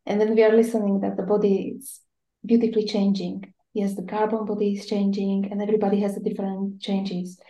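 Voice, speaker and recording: A woman speaking as an in a casual spiritual discussion, hesitant and full of uhs. Her voice is gravelly and mellow, with a flat, even pitch. She sounds like she is in an echoey room on a call. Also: fairly quick, lo-fi sound. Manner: hesitant, with many uhs and non-native phrasing.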